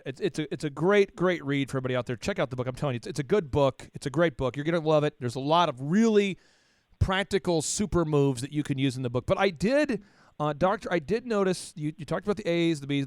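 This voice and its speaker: A man from Oklahoma hosting an interview show, talking fast in a slightly high voice. He teases his guest and restarts his sentences with repeated words. The sound is dry, close and studio-like. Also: lively intonation, no room sound. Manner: playful, teasing, repeats words at starts. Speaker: podcast host. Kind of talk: joking interview chat.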